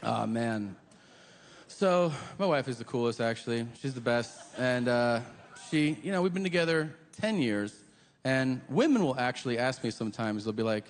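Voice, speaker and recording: A man doing stand-up storytelling, profane and animated, slipping into voices for quotes, on a theater stage mic. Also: medium pitch, moderate pace. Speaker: stand-up comedian. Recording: roomy live theater with audience ambience.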